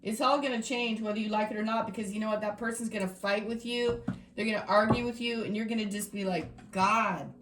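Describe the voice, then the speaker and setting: A woman's voice: medium pitch, a little fast, background noise. Emphatic, exasperated woman tarot reader. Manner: emphatic, exasperated, swings between scolding and excited. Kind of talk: tarot reading to viewers.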